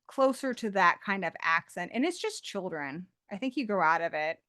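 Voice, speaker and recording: This adult woman from England has an accent mixing British and American and a medium-pitched, bright, forceful voice with big pitch swings. She speaks at a normal speed in a casual chat, rambling a little.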